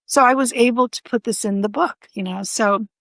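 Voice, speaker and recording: An older woman, an author, telling personal stories in a conversation with animated expression. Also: a little high, normal speed, creaky, no echo. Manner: animated, vividly acts out voices in her stories. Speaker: author and podcast guest.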